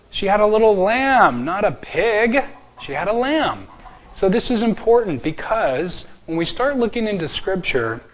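A man teaching an apologetics class from slides, joking and slowing down to stress key words. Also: high voice, highs cut off.

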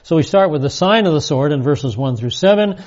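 Male bible teacher, fairly high mellow voice, explains stuff, dull lo-fi sound. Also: expressive, fairly quick. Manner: explanatory, asks rhetorical questions. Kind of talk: Bible study lecture. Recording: dull lo-fi recording.

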